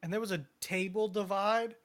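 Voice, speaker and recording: A man's voice: sits high, fairly even intonation, moderate pace, a bit bright, slight background noise. A man in a casual group chat who sounds eager and keeps pushing to get his point in.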